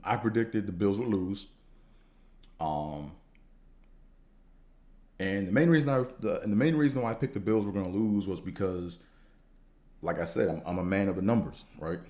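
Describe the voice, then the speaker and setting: A man hosting a podcast, talking in a casual, slangy, profane monologue that rambles and jumps higher when he gets fired up. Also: moderate pace, pauses often, darkish tone. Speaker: podcast host.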